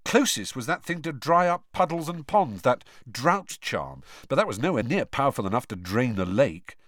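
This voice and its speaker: Glum, blunt teenage schoolboy, raised voice, lively swings, voiced by a man. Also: medium pitch, moderate pace, no room sound, studio quality. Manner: flat, defeatist. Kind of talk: audiobook character voice.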